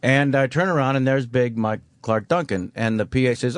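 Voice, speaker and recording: A man telling an animated anecdote on a talk show, swearing freely and slipping into voices for the people in it. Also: mid-range voice, fairly quick, hardly any pauses, dry recording, clean studio sound. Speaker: guest. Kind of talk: storytelling.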